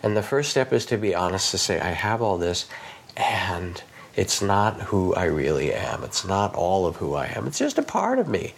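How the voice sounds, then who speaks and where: A man speaking as a meditation teacher guest, in a gentle guided reflection that is soft, slow and reassuring. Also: sits low, slight background noise.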